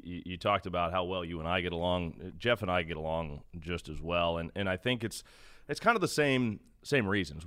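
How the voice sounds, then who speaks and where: A young man with a low voice tells stories about his broadcasting career. He sounds earnest and self-deprecating, with nervous laughter. The recording is dry and close, with no room sound. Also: fairly bright tone, dry recording. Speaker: baseball broadcaster, guest. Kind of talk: conversational storytelling.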